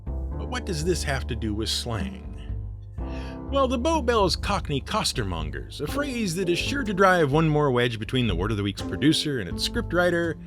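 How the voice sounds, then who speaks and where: Guy reading his podcast script, kinda high and lively, wry little jabs, music under him. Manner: wry, sardonic asides. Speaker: host. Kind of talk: scripted narration.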